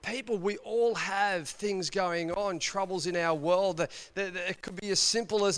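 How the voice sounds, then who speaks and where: A man's voice: sits high, moderate pace, few pauses, fairly bright tone, clean tone. An Australian man, a pastor, preaching a conversational sermon in church, telling stories and asking the congregation rhetorical questions. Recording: long reverb of a church hall.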